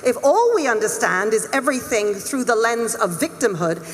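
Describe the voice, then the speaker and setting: A woman's voice: a little high, sing-song, normal speed, a little hiss or hum. Emphatic woman speaking in an echoey hall. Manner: emphatic, earnest, with laughs and restarts. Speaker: head teacher speaking on a panel. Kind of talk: public speech at a summit. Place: conference hall. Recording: long echo of a large hall.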